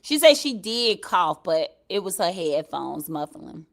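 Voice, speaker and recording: A woman's voice: lowish voice, very animated, unhurried, gravelly. A woman hosting a casual livestream from her home, talking straight to her chat viewers, laughing and swearing freely into her computer mic. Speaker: livestream commentary host. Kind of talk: casual live commentary to chat. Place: at home, upstairs.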